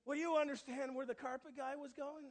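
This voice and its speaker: A male pastor preaching a sermon in church, alternating quiet asides with loud, emphatic declarations. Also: very high voice, flat delivery, fairly quick. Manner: swings between hushed asides and loud emphatic proclamations.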